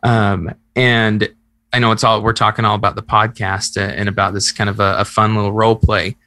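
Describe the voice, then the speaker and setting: A man's voice: on the low side, flat delivery, brisk, sharp tone, dry recording. A man hosting a podcast, coaching in a conversational way and explaining ideas through examples he acts out. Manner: earnest, explains with acted-out examples. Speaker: podcast host and relationship coach.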